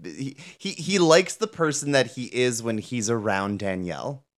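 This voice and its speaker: A woman co-hosting a podcast in casual chat, retelling scenes with animated, acted-out quotes and laughter. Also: rumbling low, moderate pace. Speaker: podcast co-host.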